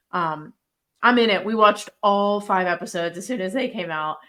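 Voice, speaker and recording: A woman's voice: fairly low pitch, a little fast, bright, forceful tone. A young woman co-hosting a podcast, chatting casually with a friend, laughing easily and dropping "like" into her sentences. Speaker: podcast co-host. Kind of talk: casual chat.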